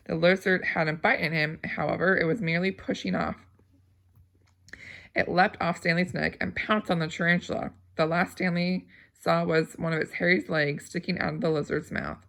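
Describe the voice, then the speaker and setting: A woman reading a novel aloud at a steady pace, with small slips and restarts. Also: lowish voice, normal speed, gravelly. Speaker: audiobook reader.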